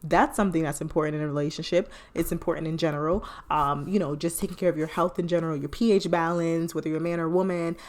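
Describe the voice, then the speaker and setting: A woman's voice: low-pitched, fairly even intonation, fast, few pauses. Chatty playful woman podcast host. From United States. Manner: playful, chatty, laughing asides. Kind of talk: casual solo podcast talk.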